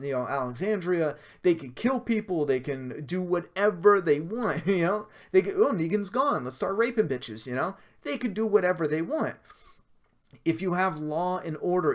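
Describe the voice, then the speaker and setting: Rambling man hosting a casual livestream. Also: on the high side. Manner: rambling, frequent fillers and self-corrections, laughs between points. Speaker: livestream host reviewing a TV episode. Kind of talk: casual livestream chat reading viewer comments.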